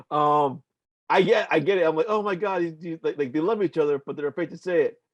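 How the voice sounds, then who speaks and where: A man's voice: a little high, normal speed, no echo, lo-fi sound. A young adult man co-hosting a casual comics podcast, rambling in loose chat with lots of filler and the odd swear. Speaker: podcast co-host.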